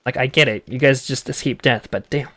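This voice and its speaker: A man's voice: mid-range voice, a little fast, a bit bright, no echo. A man streaming a game, chatting casually with sarcastic joking asides. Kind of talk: casual let's-play commentary.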